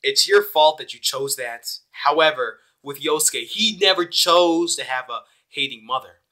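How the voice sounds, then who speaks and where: A young man giving a casual, rambling, excitable spoken review of an anime episode. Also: on the high side, a little slow. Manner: excitable, rambling, with many fillers.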